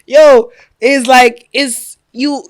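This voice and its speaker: A woman's voice: high voice, drawn-out words, dry recording, studio quality. A young woman with a Nigerian accent, co-hosting a casual podcast chat and slipping in pidgin slang. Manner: lively, mixes in pidgin slang. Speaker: podcast co-host.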